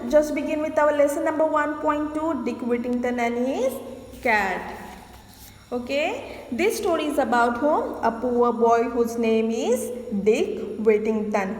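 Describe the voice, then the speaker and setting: A woman's voice: high-pitched, expressive, measured pace. A woman teacher giving a classroom lesson, explaining points, asking questions and answering them herself. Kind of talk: classroom lesson mixing English and Hindi. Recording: echoey room with long reverb.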